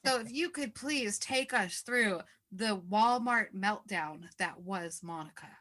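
A woman's voice: medium pitch, measured pace, fairly bright tone. A woman co-hosting a casual chat, telling a story in a laid-back, wry way and swearing freely. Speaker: podcast co-host.

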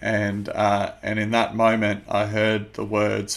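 Low gravelly man telling his story. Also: completely flat delivery, fairly bright tone. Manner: earnest, measured storytelling with frequent fillers. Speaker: guest. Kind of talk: personal testimony in conversation.

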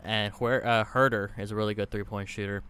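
A man co-hosting a sports podcast in casual, halting chat, with many fillers and restarts. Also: lowish voice, steady tone, crowd noise. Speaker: podcast co-host.

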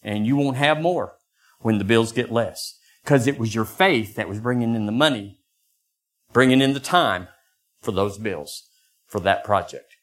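An older man preaching a sermon as pastor, acting out quoted voices in lively bursts. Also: measured pace. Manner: animated, acts out voices with sudden high pitch jumps.

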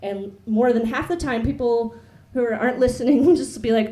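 A woman's voice: on the high side, fairly quick, mellow, a little hiss or hum. A young woman performing a rambling, self-deprecating stand-up set with lots of ums and giggles. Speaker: stand-up comedian. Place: club stage with audience.

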